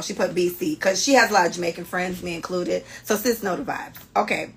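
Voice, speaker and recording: A young woman hosting a podcast, chatting casually and reading listener stories in a brash, animated way. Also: fairly low pitch, a little fast, vocal fry, hardly any pauses. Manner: animated, brash storytelling with frequent cursing. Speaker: podcast host.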